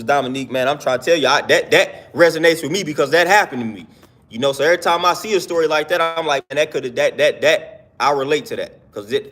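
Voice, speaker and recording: A man's voice: high-pitched, fairly bright tone. A young man in his twenties talking earnestly in a casual live-stream monologue, slangy and repeating himself for emphasis.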